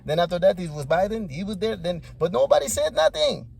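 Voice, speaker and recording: A man's voice: high-pitched, animated, brisk, creaky, a little mellow, slight background noise, voice pushed up, heavily acted. A man voicing an exasperated foreign male leader who insists on his case with rhetorical questions.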